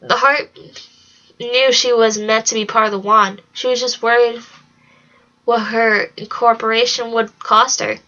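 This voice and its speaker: A woman reads a storybook aloud in a bright, fairly high voice with a sharp edge, keeping an even, steady pace. The lo-fi home recording is slightly dull. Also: a little slow. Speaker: reader. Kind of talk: storybook read-along narration.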